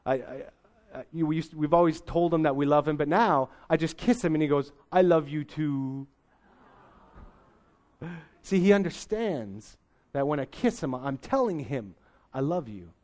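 Middle-aged man, pastor; sermon delivered chatty and folksy, voice sits a bit high. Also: animated, moderate pace, a little mellow. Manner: conversational, folksy preaching with idioms.

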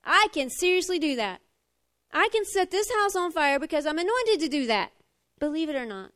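Tearful high-voiced woman preaching. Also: normal speed. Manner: expressive and confessional, swinging from loud to hushed, tearful at times. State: close to tears. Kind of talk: emotional sermon.

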